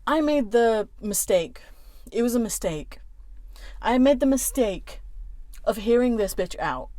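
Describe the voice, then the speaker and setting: A woman's voice: on the high side, expressive, a little slow, music in the background. A woman YouTuber who rants with fury, swearing hard and stressing each word. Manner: furious, profane, emphatic. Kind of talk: angry rant vlog. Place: indoors, a warm room.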